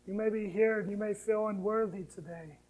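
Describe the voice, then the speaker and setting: High, mellow-voiced preacher, slow and dynamic. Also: male voice, steady tone, rough recording. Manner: preaching with sharp swings between soft, hushed lines and loud, rising ones. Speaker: pastor. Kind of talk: sermon.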